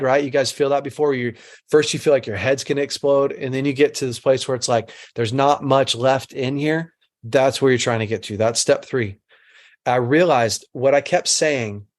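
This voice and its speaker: A middle-aged man giving an earnest teaching talk to a group, mixing instruction with a personal story and repeating phrases for emphasis. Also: mid-range voice.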